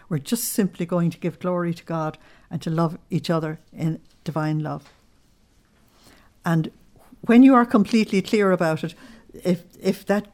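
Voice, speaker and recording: A woman with a lowish voice delivers a spoken sermon, earnest and unhurried. She teaches from scripture and slips into personal stories as she goes. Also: mellow. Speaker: religious teacher.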